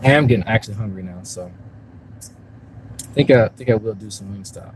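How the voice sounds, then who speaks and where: A man's voice: on the low side, normal speed, a little hiss or hum, low-quality recording. A man on a casual live stream, rambling and swearing as he talks to his chat from a park and a car. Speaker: YouTube commentary streamer. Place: outdoors in a park, then in a parked car.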